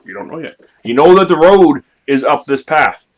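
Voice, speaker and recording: A man narrating as game master of a tabletop game played with his children, in a lively, playful way. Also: fairly high pitch, normal speed. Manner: lively, playful narration with sudden loud bursts.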